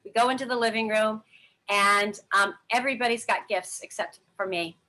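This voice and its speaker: A woman's voice: mid-range voice, normal speed, pushed and bright. A woman interview guest telling a personal story candidly and emotionally, with frequent fillers.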